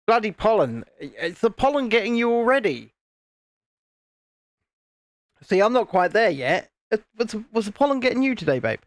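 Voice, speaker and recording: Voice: mid-range voice, sing-song, brisk, no room sound. British accent, livestream host, casual chat, laughs often, dry close sound, phone recording. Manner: chatty, reads chat messages aloud, laughs often. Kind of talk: casual live chat while building. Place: home, indoors, in the evening. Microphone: phone camera.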